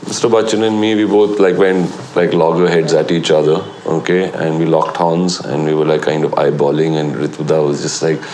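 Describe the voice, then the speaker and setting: A man's voice: extremely low pitch, brisk, few pauses, a little hiss or hum. A middle-aged man, a film actor in a documentary interview, telling anecdotes and acting out what others said. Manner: animated storyteller who acts out quoted lines.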